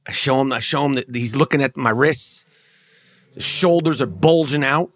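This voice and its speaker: A man's voice: medium pitch, fairly quick, a bit bright, no room sound, clean studio sound. A middle-aged man telling a comic story in a brash, boastful, rambling way, swearing heavily.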